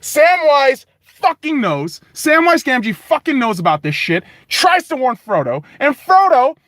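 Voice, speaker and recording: Animated, swearing man ranting. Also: very high-pitched, unhurried, dry recording. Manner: animated, rambling, heavy swearing. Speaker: podcast host. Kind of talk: profane casual rant.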